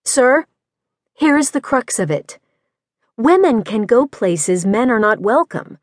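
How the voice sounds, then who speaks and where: A woman voicing a determined young widow who applies for detective work, speaking in a crisp, resolute, formal way in an audiobook. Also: a little high, animated, slow pace, no echo, studio quality.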